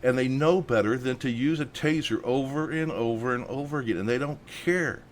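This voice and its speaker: A man's voice: medium pitch, a little fast, a little hiss or hum. Indignant man hosting a commentary show. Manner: indignant, worked up. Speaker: host.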